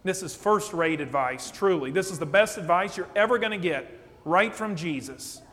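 Guy pastor giving an animated sermon, higher voice, echoey church. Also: normal speed. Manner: animated preaching, acts out quotes, asks "okay?". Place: church sanctuary. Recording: long church reverb.

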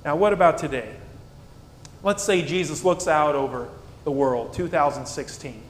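A slightly high-voiced man delivers a sermon in a reverberant church hall, with a faint rumble underneath. He leans on rhetorical questions, dropping soft and low, then pushing up loud and emphatic. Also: normal speed. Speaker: pastor.

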